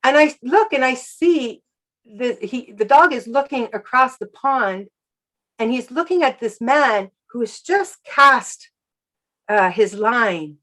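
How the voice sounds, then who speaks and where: A woman who works as an animal communicator, sharing a personal story softly and reflectively in an interview. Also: on the high side, animated, slow pace, poor audio.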